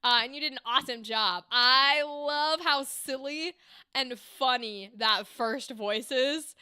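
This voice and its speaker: A woman hosts a casual livestream, gushing over voice actors' clips in a high, bright voice. Her tone is smooth and clear, recorded close and dry. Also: takes it slowly, dry recording. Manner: enthusiastic, gushing praise. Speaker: livestream host reviewing voice auditions.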